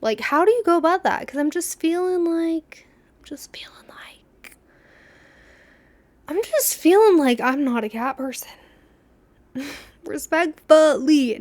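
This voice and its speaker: A woman's voice: a little high, vocal fry, no room sound. Chatty, rambling young woman. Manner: chatty, rambling, laughs often, acts out quotes. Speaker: podcast host. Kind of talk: casual storytelling chat.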